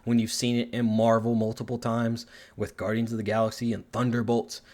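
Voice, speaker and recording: Male reviewer, average pitch, profane and exasperated, rambling rant style. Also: completely flat delivery, brisk, darkish tone. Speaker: movie reviewer. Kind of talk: ranting film commentary.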